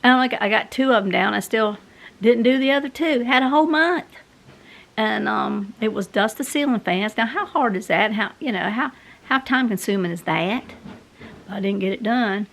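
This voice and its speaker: A woman's voice: fairly high pitch, moderate pace, creaky. A woman, rambling casually to her viewers in a home vlog. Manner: chatty, rambling, talks to viewers directly. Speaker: vlogger. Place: home, indoors.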